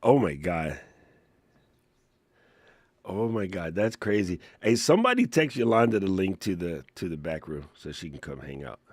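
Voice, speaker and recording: Playful, animated male stream host. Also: low-pitched, moderate pace, no room sound. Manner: playful, joking, laughs often, reads chat aloud. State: hoarse. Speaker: livestream Q&A host. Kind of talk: casual live-stream chat.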